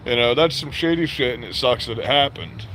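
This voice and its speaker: A man's voice: medium pitch, lively intonation, brisk, a bit bright, slight background noise. Profane ranting vlogger man outdoors. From Florida, USA. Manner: profane, blunt, rambling. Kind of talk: casual rant to camera.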